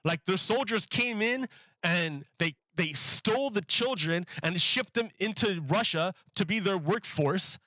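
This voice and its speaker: A man's voice: sits high, expressive, measured pace, bright, forceful tone, no room sound, highs cut off. A man hosting a stream, giving profane, sarcastic, heated commentary on clips. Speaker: streamer host. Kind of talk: ranting commentary over clips.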